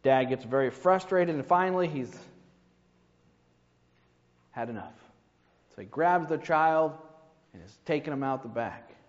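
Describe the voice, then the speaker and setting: A man's voice: fairly high pitch, animated, a little slow, long pauses. A man preaching a sermon in a conversational way, with rhetorical asides to the congregation. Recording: dull reverberant hall recording.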